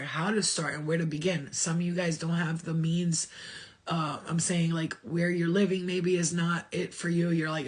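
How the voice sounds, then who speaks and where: A woman's voice: fairly low pitch, breathy edge. A woman giving a channeled spiritual message in a rambling, emotional way, with casual swearing. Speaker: spiritual reader.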